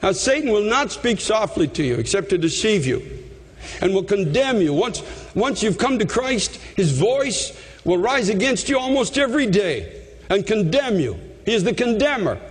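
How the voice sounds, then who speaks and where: A man preaching a fervent sermon, often repeating himself and rising to shouts. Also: high-pitched, big pitch swings, normal speed, breathy edge, big-room sound.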